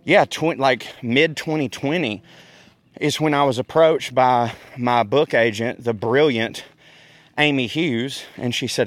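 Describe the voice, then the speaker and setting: Southern male host, mid pitch, folksy and winded, dry close sound. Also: unhurried, dry recording. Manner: folksy, chatty, laughs often. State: out of breath. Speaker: podcast host. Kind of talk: casual outdoor rant. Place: outdoors in a park.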